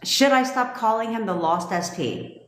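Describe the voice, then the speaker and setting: A woman's voice: on the high side, expressive, fairly bright tone, reverberant, big-room sound. A woman coaching on manifestation in a casual live stream. She talks bluntly, swears freely, laughs often and answers viewers' comments. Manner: blunt, profane, quick to laugh. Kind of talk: casual livestream chat.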